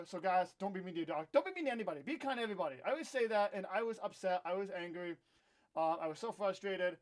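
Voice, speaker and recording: Young man, high voice, casual storytime vlog, candid and ranting, self-deprecating, talking into own camera. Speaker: vlogger.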